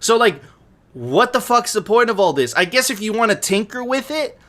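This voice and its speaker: Male stream host, higher voice, animated delivery, crude and jokey. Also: normal speed. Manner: profane, laughing, animated ranting. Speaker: podcast host. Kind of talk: casual stream chat.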